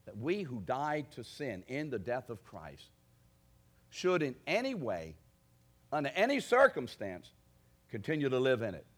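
A man preaching a sermon, asking his congregation direct questions and building to forceful declarations. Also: medium pitch, huge pitch swings, measured pace. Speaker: pastor.

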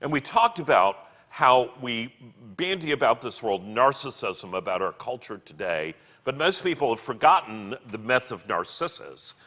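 A man retelling and explaining a book chapter in an animated way, acting out the quotes. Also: medium pitch, normal speed, hardly any pauses. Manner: animated, acts out quoted lines. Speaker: teacher of a literature series. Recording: long hall reverb.

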